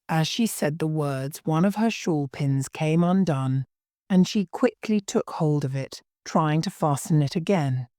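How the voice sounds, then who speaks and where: A woman's voice: sits low, a little slow, a little mellow, no echo, clean studio sound. A woman reading a story aloud carefully for English learners.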